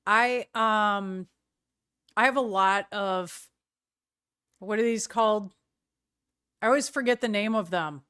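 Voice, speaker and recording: A woman's voice: mid-range voice, slow, pauses often, bright, forceful tone, clear, resonant tone, no echo, studio quality. A middle-aged woman streaming live, chatting casually with viewers in a rambling way and often searching for words.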